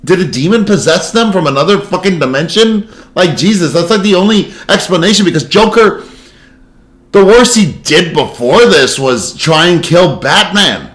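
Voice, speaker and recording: Male reaction host, high and lively voice, casual and profane commentary. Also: normal speed. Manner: animated, laughing, swearing asides. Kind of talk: casual commentary over a video.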